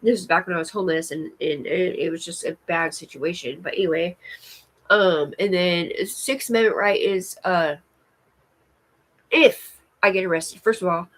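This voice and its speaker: A woman's voice: on the low side, moderate pace, fairly bright tone, low-quality recording. A woman rambling through a live stream monologue, full of fillers and restarts, swearing often. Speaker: vlogger.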